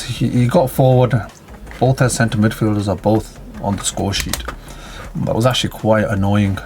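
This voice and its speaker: A man's voice: fairly low pitch, darkish tone. A man giving casual, chatty commentary on a football management game, reacting to each play and calling out his players.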